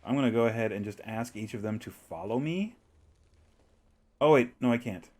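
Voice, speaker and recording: A man's voice: mid-range voice, normal speed, darkish tone. A man streaming a video game, chatting casually to himself and the game with frequent chuckles. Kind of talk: casual gameplay commentary.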